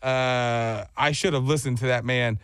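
A man hosting a morning radio show, chatting casually and telling stories with quick laughs. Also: mid-range voice, steady tone, fairly bright tone, smooth, dry recording, studio quality. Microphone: studio microphone.

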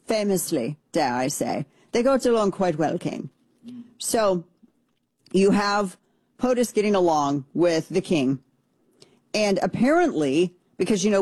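A woman's voice: fairly low pitch, dark tone, husky, dry recording. A woman hosting casual political commentary, talking in an opinionated, conversational way with frequent restarts and asides.

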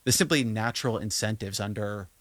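A man with a low voice hosts an interview and asks measured, probing questions. He lays out his reasoning at length before each question. The recording is dry and close. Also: a bit bright, no echo. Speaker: interview host. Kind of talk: interview conversation.

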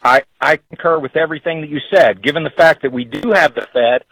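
A man from Texas calling into a radio talk show, speaking in a measured, formal and firm way. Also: a little high, a bit bright, husky, dry recording, low-quality recording. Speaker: caller.

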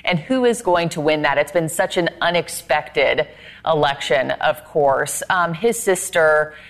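A woman anchoring a news program, with brisk, conversational handoffs to reporters and guests. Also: deep voice.

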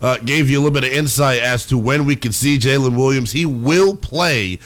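A man hosting a sports talk program, talking in a lively, chatty way. He gets excitable and animated, riffing casually between points. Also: medium pitch, moderate pace. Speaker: sports show host. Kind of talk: sports talk show commentary.

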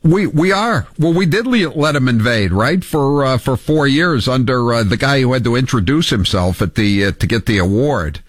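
A man hosting a talk radio show, indignant and animated, reading quotes aloud and taking calls. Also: medium pitch, normal speed, few pauses, no echo. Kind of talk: talk radio, opinionated commentary.

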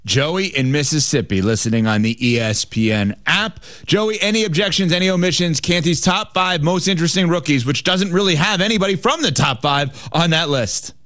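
A man hosting a sports talk show with a fairly high voice and a very animated pitch. He jokes around and keeps the callers moving. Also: normal speed, few pauses. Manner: lively, joking, fields calls. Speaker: sports radio host.

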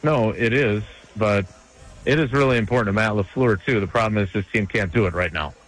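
A man's voice: on the low side, fairly quick, a bit bright, low-quality recording. A man co-hosting a casual sports talk show, giving chatty, emphatic analysis with frequent restarts.

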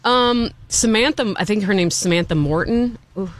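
An enthusiastic man talks through a film in loose, casual chat, circling back and restarting his sentences as he goes. His voice sits a little on the high side for a man. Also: normal speed, a bit bright. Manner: enthusiastic, rambling, with many restarts. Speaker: film reviewer.

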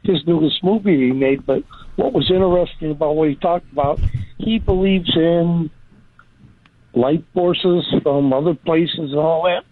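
A male caller on a late-night radio show, talking in a hesitant, rambling way. His voice sits a little high. It comes through a thin, tinny phone line. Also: unhurried. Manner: hesitant, rambling, many fillers. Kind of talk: rambling call-in chat.

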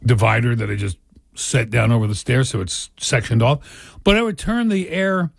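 A man's voice: mid-range voice, moderate pace, gravelly, breathy edge, dry recording. Chatty male radio co-host. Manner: rambling, chuckling asides. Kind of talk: casual radio chat.

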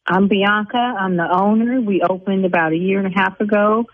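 A woman who owns a beauty salon, arguing with a caller over the phone, indignant and blunt and quick to flare up. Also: medium pitch, steady tone, dry recording. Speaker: salon owner on a phone call. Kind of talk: heated phone argument. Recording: tinny phone line.

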